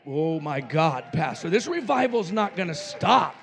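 High-voiced fervent male preacher. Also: sing-song, moderate pace, gravelly, a little hiss or hum. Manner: fervent preaching, swinging between loud shouts and near-whispers. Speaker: pastor. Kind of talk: sermon.

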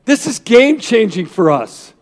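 A man's voice: sits high, sing-song, moderate pace, big-room sound. A man preaching a sermon as a pastor, telling stories in a rambling, folksy way with asides to the crowd.

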